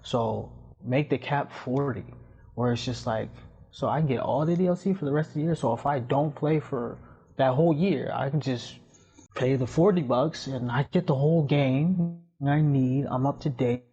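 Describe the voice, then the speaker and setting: On a podcast, this man, guest or host, speaks at a moderate pace in a medium-pitched voice that's dark and a little rough. His talk is a casual, meandering string of stories packed with fillers, and the recording is dull and lo-fi.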